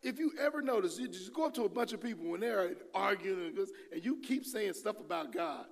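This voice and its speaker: A middle-aged man preaching a sermon in a church, talking lively and acting out the voices of the people he quotes. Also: a little fast. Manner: lively, acts out quoted voices with big swings in pitch and volume. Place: church sanctuary. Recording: long hall reverb.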